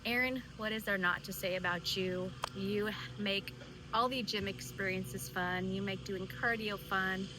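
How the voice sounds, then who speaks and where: A woman from the gym giving a quick, cheerful birthday message. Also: mid-range voice, fairly even intonation, noisy background.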